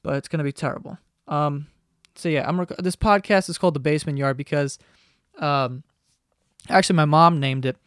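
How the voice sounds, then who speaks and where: A man in his twenties hosts a solo podcast from his basement bedroom, rambling, swearing casually and cracking self-deprecating jokes. His voice sits on the high side with a brisk pace and a fairly bright tone. Recorded on a podcast microphone, the sound is clean and studio-like with no room sound.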